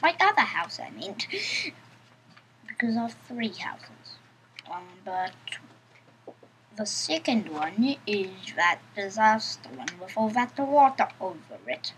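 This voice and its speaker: A woman's voice: mid-range voice, sing-song, unhurried, fairly bright tone, a little hiss or hum, rough recording. A woman giving casual let's-play commentary, chatting to herself in a playful, giggly way. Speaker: gameplay commentator.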